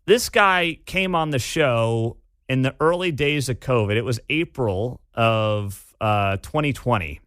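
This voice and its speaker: A man's voice: medium pitch, measured pace, few pauses, a bit bright, clear, resonant tone, dry recording. A man hosting a talk radio show, sarcastic and scornful in an opinionated monologue at a studio mic. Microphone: studio microphone.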